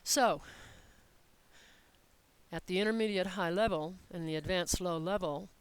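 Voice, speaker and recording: A Spanish teacher explaining grammar step by step in a recorded lesson, patient and methodical, reading example sentences slowly and clearly. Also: medium pitch, low-quality recording.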